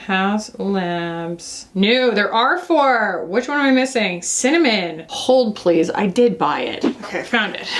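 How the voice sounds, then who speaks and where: A woman, chatting casually and excitedly as she reviews makeup, gushing and gasping often. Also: mid-range voice. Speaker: beauty reviewer.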